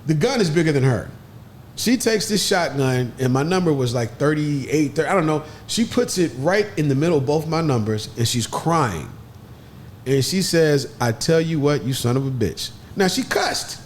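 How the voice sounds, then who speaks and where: A man telling a story in an animated way, with lively jumps in pitch as he acts out other people's voices. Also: normal speed, a little hiss or hum. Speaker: podcast guest.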